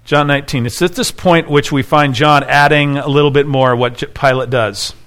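A man's voice: a little high, steady tone, moderate pace, a bit bright. A man preaching an expository sermon, reading scripture aloud and explaining it, rising in intensity when he voices the people in the text. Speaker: pastor.

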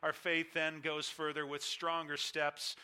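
A man's voice: a little high, completely flat delivery, measured pace, sharp tone, clean tone. A man preaching a sermon, teaching through a scripture passage with an emphatic, repetitive cadence. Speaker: pastor.

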